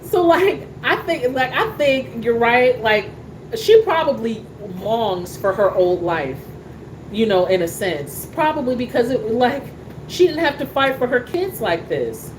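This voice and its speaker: A woman talks in a casual show, animated and sassy, full of fillers and restarts. Her voice sits a little high. A faint hum of room noise stays under it. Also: measured pace. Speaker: soap opera talk show host. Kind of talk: casual chat reacting to a soap opera.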